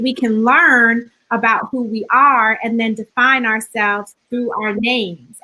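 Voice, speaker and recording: A woman hosts an interview with a curious, affirming manner and often checks how names are spelled. Her voice is bright and sits a little high. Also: rough recording. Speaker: host.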